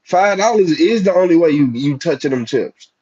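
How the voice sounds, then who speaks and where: A man's voice: fairly high pitch, animated, normal speed, warm tone, husky, highs cut off. A man with a Southern US accent who grew up in the United States, talking casually and chattily to his chat as a livestream host. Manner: chatty, laid-back, talks straight to chat.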